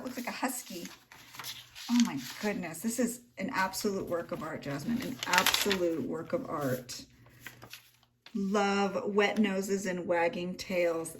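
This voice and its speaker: A woman's voice: medium pitch, a little hiss or hum. A young woman, gushing and emotional as she flips through a handmade journal at home. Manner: gushing, emotional, soft-spoken. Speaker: journaling vlogger. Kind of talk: casual flip-through vlog. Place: home room.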